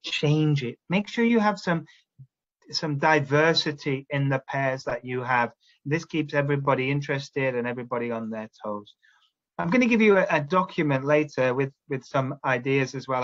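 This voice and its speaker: A man's voice: mid-range voice, normal speed, a bit bright, lo-fi sound. A man training teachers, explaining classroom steps and checking in often with "all right?". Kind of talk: instructional talk to teachers.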